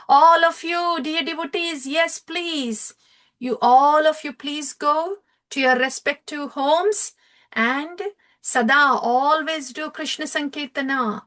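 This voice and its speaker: Middle-aged woman preaching slow and emphatic, repeats words over and over, kinda high voice. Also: fairly bright tone. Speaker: spiritual speaker. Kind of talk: devotional storytelling lecture.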